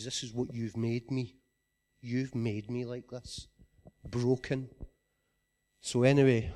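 A man with a Scottish accent giving an earnest personal testimony, often dropping to a quiet voice. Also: mid-range voice.

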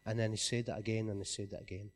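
A man with a Scottish accent giving an earnest personal testimony, often dropping to a quiet voice. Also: on the low side, little pitch movement, rapid-fire.

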